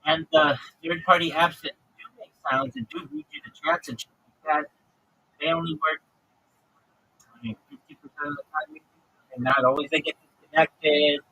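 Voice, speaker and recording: A man on a livestream rants to viewers in loose, profane chat. His voice is raspy and pushed hard, with a tense, forceful edge, and sits a little higher than most men's. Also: expressive, moderate pace, dry recording, poor audio. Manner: profane, ranting.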